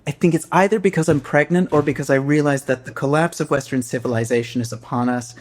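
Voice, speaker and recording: A man's voice: on the high side, fast, slight background noise. A young American man co-hosting a comedy podcast, bantering in a dry, theatrical, self-mocking way. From United States. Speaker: podcast co-host. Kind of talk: casual comedic chat.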